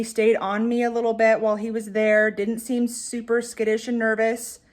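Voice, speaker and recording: Chatty woman recapping her day. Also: medium pitch. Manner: chatty, rambling storytelling with frequent self-corrections. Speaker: pet owner vlogger. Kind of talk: casual vlog recap.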